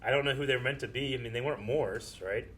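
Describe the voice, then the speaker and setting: A man's voice: medium pitch, quick pace, fairly bright tone, slight background noise. A young man in a casual movie discussion, chatty and retelling behind-the-scenes trivia. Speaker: show co-host, movie reactor.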